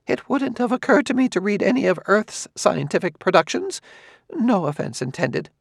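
A man's voice: very animated, normal speed, creaky, no room sound, studio quality, exaggerated voice. A man doing a fussy, trembling older sociologist. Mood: uneasy. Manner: high, trembling, fussy and uneasy. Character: nervous older male sociologist, fastidious, easily shaken. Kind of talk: audiobook character voice.

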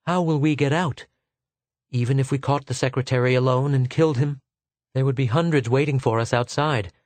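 A sharp, practical young woman, as a male narrator reads her, presses her objections with urgent questions. The voice stays close to the reader's own, in a dry room. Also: medium pitch, fairly even intonation, fairly quick, no echo, lightly acted.

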